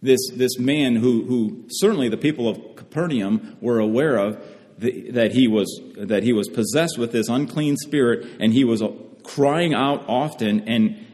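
A man's voice: mid-range voice, darkish tone. A man preaching a sermon in an earnest way, often repeating phrases for emphasis. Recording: long hall reverb.

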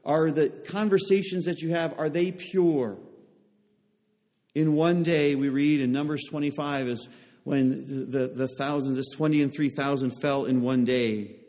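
A man preaches a sermon in a fairly high but mellow voice, pressing his listeners with one rhetorical question after another. His words ring out with a long hall reverb behind them. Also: fairly even intonation, unhurried. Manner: repeated rhetorical questions to the congregation. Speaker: pastor.

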